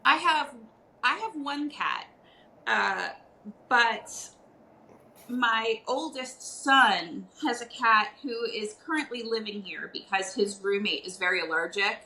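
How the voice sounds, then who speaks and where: A woman's voice: a little high, animated, slow pace, a little hiss or hum, rough recording. A woman guest potter in a casual video-call chat, talking with frequent ums and easy laughs. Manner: warm, hesitant with many ums.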